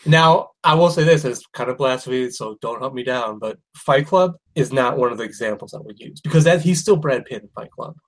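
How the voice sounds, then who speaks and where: A man co-hosting a casual chat, animated and opinionated, rambling through asides. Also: mid-range voice, fairly quick, few pauses. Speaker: podcast co-host. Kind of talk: casual chat about movies.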